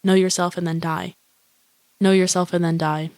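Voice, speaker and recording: A woman voicing a flat, morbid young woman. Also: fairly low pitch, normal speed, no room sound, close to an everyday voice. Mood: deadpan. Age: young adult. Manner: flat, profane, self-absorbed musing. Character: lonely, grandiose, morbid young woman wishing for a shark. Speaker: inner-monologue narrator. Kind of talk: deadpan voice-over monologue.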